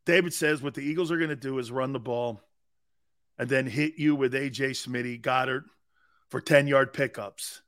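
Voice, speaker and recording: A middle-aged man hosting a sports talk radio show, ranting sarcastically and bombastically with bursts of shouting. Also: medium pitch, steady tone, normal speed.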